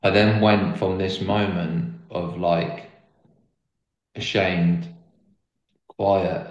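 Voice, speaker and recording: A young man speaks in a low, deep register as he tells how he came to faith. He talks in an earnest, rambling way, dropping "like" again and again. The recording has a roomy echo. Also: fairly even intonation, extremely slow, long pauses, muffled recording. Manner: earnest, rambling, lots of "like" fillers. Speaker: guest sharing his faith story. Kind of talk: casual conversational testimony.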